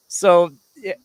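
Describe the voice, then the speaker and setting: A man's voice: no echo, poor audio. A man hosting a live podcast, talking casually and bluntly, ranting and swearing as he goes. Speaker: podcast host. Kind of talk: casual live-stream commentary.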